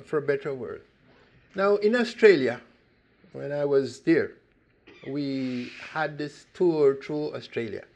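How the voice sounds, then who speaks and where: A man's voice: on the high side, gravelly. An older man from Costa Rica giving an earnest public talk, with sudden emphatic rises in his voice.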